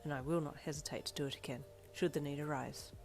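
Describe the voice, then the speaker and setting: Brief: woman playing an earnest, proper young man in a fan audio drama, low voice, quiet backing music. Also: steady tone, fast talker. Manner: stiff, proper, polite. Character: formal, earnest young male student.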